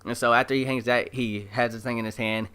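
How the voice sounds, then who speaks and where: A man giving a casual, excited recap of an episode as an anime reviewer, chatty and full of fillers. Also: mid-range voice, fairly quick, clean tone. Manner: chatty, animated retelling with many fillers.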